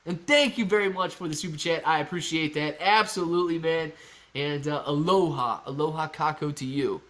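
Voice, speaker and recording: A man hosting a live stock-market stream, calling out prices rapidly and chatting with viewers in a casual, excited way. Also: on the high side. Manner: excited, calls out prices like an auctioneer. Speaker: livestream host.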